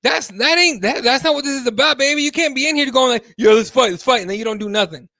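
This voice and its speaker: A man's voice: very high-pitched, animated, fast, bright, forceful tone, no echo, clean studio sound. A man hosting a live MMA talk show, chatting casually and animatedly, swearing freely and reading viewer comments aloud. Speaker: host.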